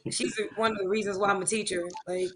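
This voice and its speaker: A woman, a music teacher and songwriter, chatting in an interview and telling animated stories with laughter. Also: mid-range voice. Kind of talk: casual interview chat.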